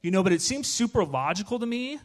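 Chatty man preaching with a high voice. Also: fast talker. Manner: chatty, animated, with frequent "right?" asides. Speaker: guest preacher. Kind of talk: casual conversational sermon.

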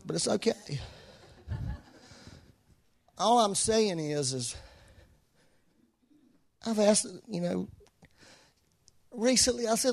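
A man preaching a sermon to a congregation in a room, emotional and passionate, swinging from soft talk to shouting. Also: sits high, animated, slow, vocal fry, pauses often. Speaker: pastor.

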